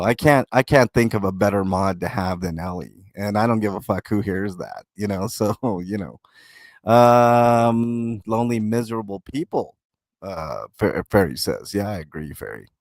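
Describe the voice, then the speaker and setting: A man hosts a casual livestream and reads his chat aloud. His voice sits a little low, and the sound is dry and close to the mic. He rambles in halting bursts with many fillers and restarts, and swears freely. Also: no room sound. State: talking with a mouth full of food. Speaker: livestream host reading chat.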